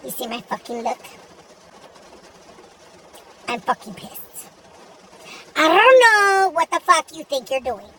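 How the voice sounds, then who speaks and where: Girl voicing a high bright sassy young woman cussing out the rain-type rant, bit far from the mic, faint hiss. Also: big pitch swings, slow pace, pauses often, heavily acted. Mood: irritated. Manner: profane, exasperated ranting. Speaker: voice actor for animated gacha video. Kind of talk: comedic rant monologue.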